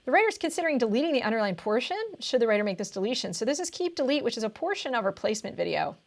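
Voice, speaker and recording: A woman's voice: a little high, big pitch swings, very fast. A woman tutor walking through test questions on video, thinking aloud and often checking in with "right?".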